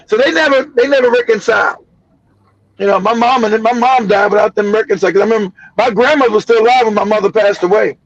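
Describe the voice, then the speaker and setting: A man in his fifties from the United States, telling profane family stories on his stream with loud cackling laughs. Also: high voice, fast talker. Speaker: streamer host. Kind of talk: profane casual storytelling. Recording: dull lo-fi dry stream audio.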